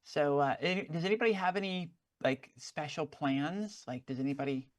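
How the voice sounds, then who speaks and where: A woman's voice: sits low, moderate pace. A woman co-hosting a comedy podcast, dryly teasing and steering the topics. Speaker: podcast co-host. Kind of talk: casual comedic chat.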